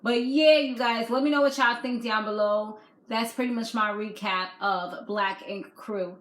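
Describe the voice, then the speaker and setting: A woman vlogger recaps a reality show in a loose, chatty way. She keeps dropping "like" and "you know". Her voice sits a little high and rings off the walls of an echoey room. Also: fairly even intonation, a little slow. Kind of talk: casual video recap.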